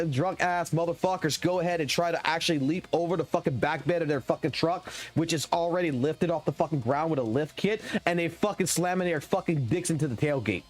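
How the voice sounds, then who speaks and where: A man streaming a game live, ranting with heavy swearing in an animated, excitable way. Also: fairly high pitch. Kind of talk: profane live stream rant while gaming.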